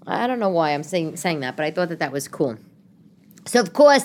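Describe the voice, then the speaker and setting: A middle-aged woman from New York hosting a casual solo podcast, rambling through comic stories and asides. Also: fairly low pitch. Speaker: podcast host.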